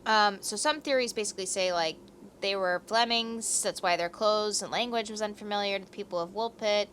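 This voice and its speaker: A young woman co-hosts a podcast and rambles through a history story. She is chatty, self-mocking and casually profane. Her voice is mid-pitched, with a faint hiss underneath. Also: brisk, fairly bright tone. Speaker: podcast co-host.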